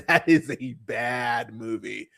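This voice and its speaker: A man hosting a podcast, ranting in casual chat about bad films, swearing, laughing and jumping up in pitch when exasperated. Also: extremely slow, gravelly, slightly rough. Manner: exasperated, profane, laughs often, animated pitch jumps. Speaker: podcast host. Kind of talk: casual ranting film review.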